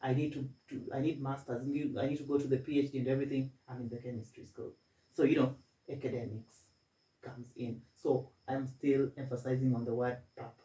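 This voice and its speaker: A man's voice: mid-range voice, little pitch movement, fairly quick, warm tone, far from the mic. A man in his twenties, a student guest, speaking in a self-assured way with repeated stammering restarts. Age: 20s. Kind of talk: casual interview. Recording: echoey room, voice from off-mic.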